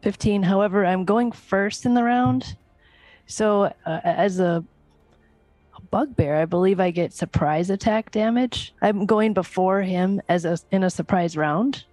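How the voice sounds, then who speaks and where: Slow-talking woman calling out rolls. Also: mid-range voice, darkish tone, faint music behind. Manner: slow, halting dice calls. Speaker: player. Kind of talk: casual tabletop game play.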